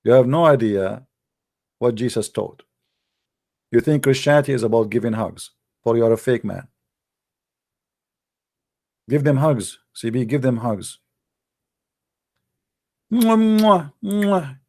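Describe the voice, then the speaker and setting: A man's voice: mid-range voice, a little slow, gravelly, pauses often, darkish tone. A man lecturing combatively in a livestream, mocking and scolding his opponents in non-native English. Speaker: religious debater.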